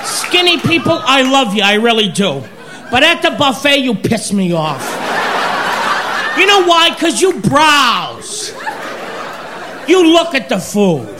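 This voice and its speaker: A man with a strikingly high voice rants through a stand-up bit, leaning into loud, drawn-out punchlines. The live club recording is noisy, with a crowd laughing behind him. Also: sing-song. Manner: ranting, drawn-out shouted punchlines. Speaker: stand-up comedian. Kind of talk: stand-up routine. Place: comedy club stage. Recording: live club set with audience laughter and noise.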